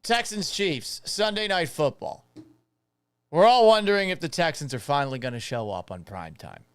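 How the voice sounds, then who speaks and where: Animated man hosting sports talk. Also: a little high, moderate pace, clear, resonant tone, dry recording. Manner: animated, sarcastic, punchy. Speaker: sports radio and podcast host.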